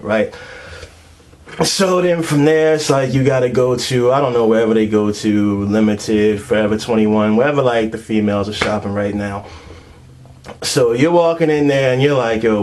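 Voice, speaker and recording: A man's voice: medium pitch, darkish tone, slight background noise. A young man telling a crude, comedic rant full of street slang and constant fillers.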